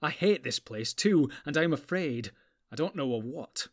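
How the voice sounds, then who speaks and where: A man's voice: a little high, animated, moderate pace. A man voicing a small, fearful young male hobbit who speaks anxiously and pleadingly in a storybook reading. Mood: afraid.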